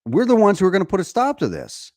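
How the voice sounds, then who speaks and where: A man's voice: sits high, huge pitch swings, quick pace, a little mellow, no room sound, studio quality. A man hosting a heated political podcast, emphatic and profane, often restarting and repeating himself. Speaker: podcast host.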